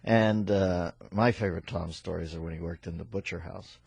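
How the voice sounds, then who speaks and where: A man's voice: sits low, steady tone, normal speed, creaky, a little mellow, slightly rough, no echo. A middle-aged man hosting a radio talk show, rambling and wisecracking through casual comic banter in a studio. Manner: wisecracking, rambling, full of pop culture references. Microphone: studio microphone.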